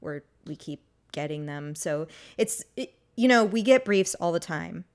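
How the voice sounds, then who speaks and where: A woman's voice: on the low side, animated, a little slow, a little mellow, clear, resonant tone. A young adult woman chatting casually as an interview guest, talking freely with many "like" and "um" fillers. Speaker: guest, music agency co-founder.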